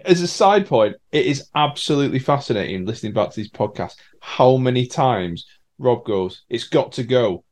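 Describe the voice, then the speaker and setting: A man's voice: mid-range voice, animated, normal speed, darkish tone. A man on a casual film-review podcast, making dry side comments. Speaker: podcast co-host.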